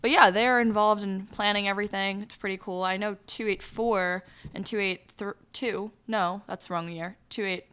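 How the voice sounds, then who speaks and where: Chatty teen girl, smooth voice. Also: mid-range voice, steady tone, moderate pace, hardly any pauses, fairly bright tone. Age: late teens. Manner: chatty, giggly, a little nervous. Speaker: podcast co-host. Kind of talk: casual chat. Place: school classroom.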